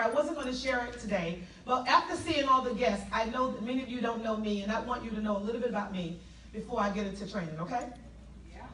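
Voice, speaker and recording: A woman from South Carolina with a Southern accent, telling her life story to an audience in an animated way and drawing answers from the crowd. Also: a little high, roomy sound, recorded from a distance, a little hiss or hum, rough recording. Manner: animated, laughing, call-and-response with the crowd. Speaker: motivational speaker. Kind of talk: testimony speech to an audience.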